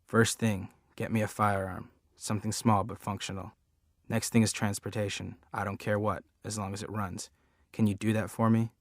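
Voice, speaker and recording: A man's voice: fairly low pitch, little pitch movement, normal speed, no echo, studio quality, natural voice. A man reading as a menacing ex-convict preacher. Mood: commanding.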